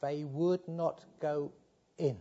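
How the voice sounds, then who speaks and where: Fervent preacher man, dark muffled tone. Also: steady tone, slow pace. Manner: pleading, rising to fervent appeals then dropping low. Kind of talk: sermon.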